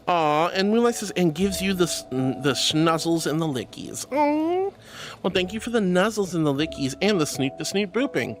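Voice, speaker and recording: A woman's voice: medium pitch, sing-song, normal speed. A woman livestreaming who reads chat messages aloud and answers them in a bubbly, gushing, affectionate way, with squeals and baby talk. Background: faint music.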